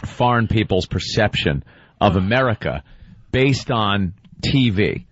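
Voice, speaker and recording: A man hosting casual radio chat, lively and acting out scenes as he talks. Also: on the low side, a little slow, slightly rough, no echo. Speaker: radio host. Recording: dull dry radio studio sound.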